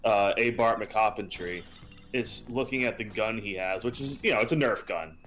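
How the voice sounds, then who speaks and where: A young man co-hosting a live gaming stream, chatting in a lively way and laughing easily. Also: fairly low pitch, moderate pace, faint music behind, low-quality recording. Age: young adult. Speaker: livestream co-host. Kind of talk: casual chat on a gaming stream.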